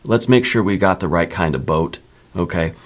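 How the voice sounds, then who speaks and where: A man giving a soft-spoken tarot reading, musing in a relaxed way and often checking in with the listener. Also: sits low, moderate pace. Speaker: tarot reader.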